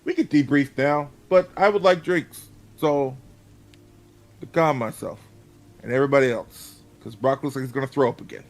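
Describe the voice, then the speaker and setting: A man's voice: mid-range voice, moderate pace, soft background music. Rambling man talking as a player. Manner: rambling, filler-heavy. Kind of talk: casual in-character chat.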